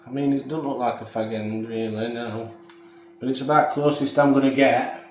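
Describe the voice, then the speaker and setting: A man's voice: medium pitch, fairly even intonation, a little fast, dull audio. Rambling man in an echoey kitchen. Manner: rambling, jokey, repeats himself, chats to viewers. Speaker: cooking livestream host. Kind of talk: casual live cooking chat. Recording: echoey room, voice far from the mic, faint noise.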